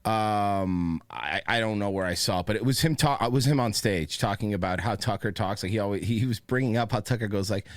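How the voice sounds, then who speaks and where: A man's voice: fairly low pitch, a little fast, few pauses, no room sound. A man hosting a podcast in casual chat, rambling, swearing and laughing often. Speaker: podcast host.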